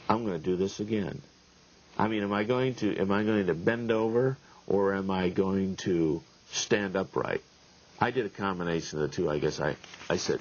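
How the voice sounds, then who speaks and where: A man's voice: lowish voice, normal speed. A middle-aged man, a pastor, telling a story in a wry, folksy sermon style, chuckling often. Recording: lo-fi 1990s video tape.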